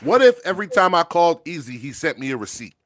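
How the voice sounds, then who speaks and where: A man's voice: fairly high pitch, very animated, fast, no echo. A man hosting a show, talking in casual, profane, joking rants. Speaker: show host. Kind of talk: casual podcast banter.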